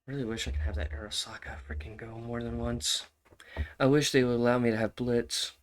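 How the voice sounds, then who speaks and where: A man's voice: mid-range voice, level tone, a little fast, a little hiss or hum. A man giving casual, swearing commentary while playing a strategy game, repeating himself and laughing often. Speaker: gaming streamer.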